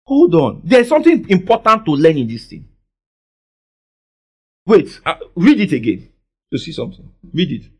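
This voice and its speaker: A man delivers a sermon in a high, lively voice. He leans on call-and-response and swings from soft to loud. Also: moderate pace, pauses often, breathy edge. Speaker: pastor. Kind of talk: preaching a sermon.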